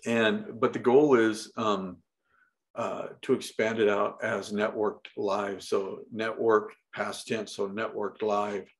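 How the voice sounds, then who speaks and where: A man's voice: lowish voice, little pitch movement, slow pace. Rambling, filler-heavy middle-aged man. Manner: rambling, full of fillers and restarts, swears casually. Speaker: podcast guest. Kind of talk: casual interview chat.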